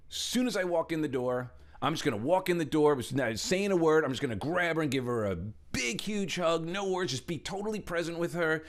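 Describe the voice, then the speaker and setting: A middle-aged man giving a motivational talk as a coach, animated and acting out little quotes as he explains. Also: brisk. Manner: animated, shifts pitch a lot for emphasis, acts out quotes. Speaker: speaker and coach.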